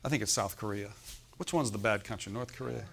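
A man preaching a sermon in a joking, conversational way, laughing often and building up to loud exhortation. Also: fairly low pitch, quick pace, vocal fry.

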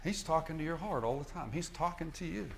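A man's voice: on the high side, lively intonation, quick pace, gravelly, slight background noise. A male minister preaching a sermon in an emphatic, repetitive style, often restarting his phrases.

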